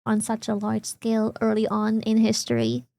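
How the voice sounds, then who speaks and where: A woman's voice: on the high side, completely flat delivery, normal speed, gravelly, warm tone. A German woman streamer with a German accent, chatting casually in a sarcastic, giggly way and swearing freely. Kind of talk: casual chat.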